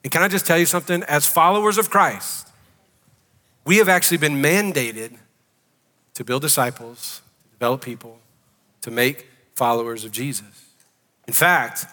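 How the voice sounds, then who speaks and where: A man's voice: medium pitch, sharp tone, in a large hall. A man preaching a sermon as pastor, emphatic and conversational, asking the congregation questions. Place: church sanctuary.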